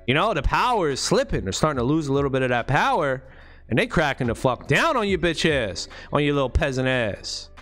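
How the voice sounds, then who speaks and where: A man rants in a casual vlog monologue, swearing heavily and using street slang. His voice sits somewhat high and he leans hard on his words. Faint music plays in the background. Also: very animated, a little fast, a bit bright. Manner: profane, emphatic, street slang. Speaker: vlogger.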